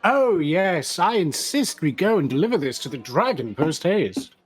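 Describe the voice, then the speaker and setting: High-voiced theatrical man. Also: sing-song, normal speed, slightly rough. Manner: theatrical, exclamatory. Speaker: player. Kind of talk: playing a tabletop game.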